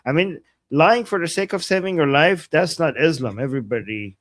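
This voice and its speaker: Animated man on a dry mic. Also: on the high side, moderate pace, dry recording. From Iran. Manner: animated, explanatory, enthusiastic. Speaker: political analyst co-host. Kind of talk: casual live-stream political talk.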